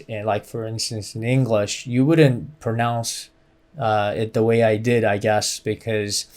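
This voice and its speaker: A man's voice: mid-range voice, darkish tone. A man teaching a beginner language lesson, explaining patiently with many fillers and modeling phrases for the listener to repeat.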